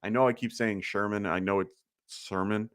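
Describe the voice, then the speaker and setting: Speaking quickly in a fairly low voice, this fantasy football livestream host answers live questions in a casual, rambling way full of fillers. His slight lisp comes through, and he seems worn out from lack of sleep. The audio is dry and studio-clean.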